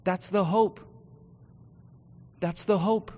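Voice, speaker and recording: Male pastor, high voice, earnest sermon delivery that drops to a hush then builds loud; dull recording in a reverberant hall. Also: fairly even intonation, slow. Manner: earnest, swings from hushed confession to loud exhortation.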